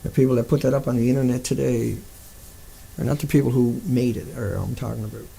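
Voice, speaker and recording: A man's voice: medium pitch, fairly even intonation, quick pace, vocal fry, mellow, slightly rough. A man delivering an angry, profane rant to his viewers, hurling insults. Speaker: video blogger.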